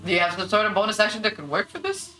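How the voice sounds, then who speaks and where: A woman's voice: mid-range voice, very animated, racing, pushed and bright. A woman narrating as game master in a tabletop game, casual and laughing as she describes traps.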